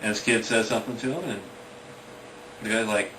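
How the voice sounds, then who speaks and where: A man's voice: fairly low pitch, fairly quick. A young man casually retelling his own fantasy story, rambling with lots of fillers and briefly acting out the characters. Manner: rambling, full of "you know" and "like", acts out the characters. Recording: echoey room, mic at a distance, background noise.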